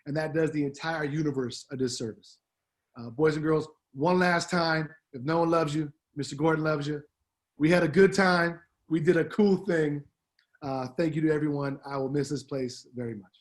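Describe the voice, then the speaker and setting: A man's voice: fairly high pitch, steady tone, moderate pace. A middle-aged man, a departing assistant principal, giving an upbeat, heartfelt farewell speech on the school announcements, slangy and full of fillers.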